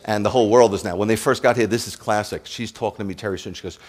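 Animated New rabbi preaching. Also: male voice, on the low side, fast. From New York. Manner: animated, joking, addresses the congregation directly. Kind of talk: sermon.

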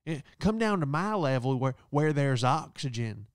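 A man putting on the voice of a rude, toothless woman guest at a cheap hotel, sneering at him in slow, drawn-out taunts. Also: medium pitch, very animated, smooth, no room sound, clean studio sound, close to an everyday voice. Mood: mocking.

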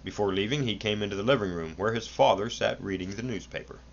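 A man reading an old book aloud in an earnest, unhurried way, with small slips, in a dull lo-fi home recording. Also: lowish voice, gravelly, a little hiss or hum. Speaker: audiobook reader.

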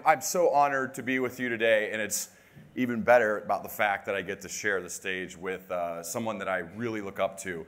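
A man's voice: medium pitch, fairly bright tone, dry recording. A man hosting a live podcast and recapping it afterwards, enthusiastic and full of praise. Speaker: podcast host.

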